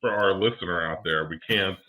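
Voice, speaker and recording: A man's voice: sits low, fairly quick, a crowd in the background. A man co-hosting a podcast, wisecracking and sarcastic in casual chat over a video call. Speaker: podcast co-host.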